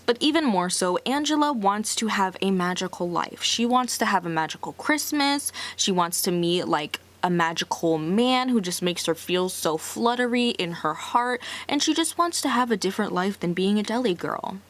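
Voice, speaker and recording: A young woman talks through a movie's plot in a loose, chatty recap, leaning hard on filler words. She drops sassy asides as she goes, and her voice sits at a comfortable middle pitch. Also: animated, moderate pace, hardly any pauses. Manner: chatty, heavy use of filler "like"; sassy side comments.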